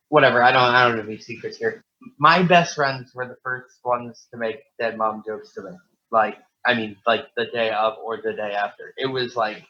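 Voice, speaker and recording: In a casual podcast chat, a co-host with a mid-range, pushed and bright voice tells stories laced with swearing and laughter. The recording sounds dull and lo-fi.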